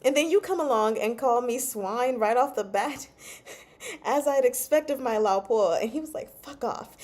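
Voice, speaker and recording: A woman's voice: fairly high pitch, measured pace, darkish tone. A woman hosting a casual livestream chat about a novel, laughing often and reading out chat comments. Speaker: book club host.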